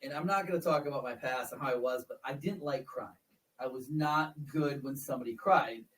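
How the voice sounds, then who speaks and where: A man in his forties hosts a relaxed interview, telling his story in a chatty way, often repeating his words as he goes. His voice sits at an average pitch. He sounds a little distant from the microphone. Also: fairly quick. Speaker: podcast host. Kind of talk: casual interview chat.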